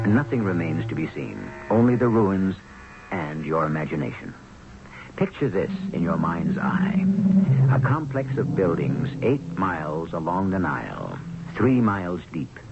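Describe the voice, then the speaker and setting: A man's voice: low voice, big pitch swings, a little slow, creaky. A man hosting and narrating a radio drama in a theatrical, insistent manner. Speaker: host and narrator. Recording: dull lo-fi old radio broadcast with music.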